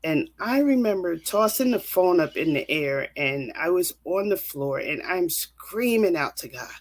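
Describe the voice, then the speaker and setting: A woman's voice: lowish voice, animated, unhurried, hardly any pauses. A woman counselor telling a personal faith testimony in an earnest, vivid storytelling manner. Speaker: counselor and guest.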